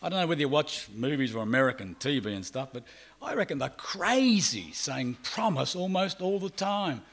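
An Australian man preaching with a voice pitched a little high that climbs and drops all the time. He stretches out key words, then lowers his voice for quick confiding asides. His delivery is animated and conversational. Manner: animated, swinging between loud emphasis and quiet asides; acts out quoted people in brief voices. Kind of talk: sermon.

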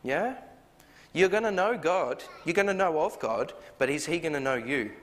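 A man's voice: fairly high pitch, lively intonation, normal speed, a bit bright. A man preaching a sermon, earnest, asking the listeners one question after another and acting out the voices he quotes. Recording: long hall reverb.

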